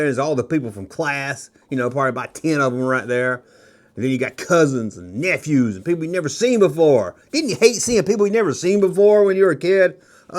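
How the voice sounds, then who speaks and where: Brief: middle-aged man, casual show-and-tell host, higher-pitched, very animated, jokey and rambling. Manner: joking, rambling, slips into quick kid impressions. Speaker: nostalgia toy video host.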